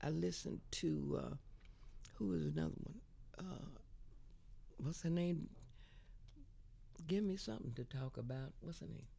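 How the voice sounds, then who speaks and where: An older woman in her seventies tells stories from her singing days with a lively, animated delivery. Her voice has a gravelly edge. She laughs often and slips into sung lines mid-story. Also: low voice, a little slow, long pauses. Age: 70s. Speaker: guest singer. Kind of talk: storytelling interview.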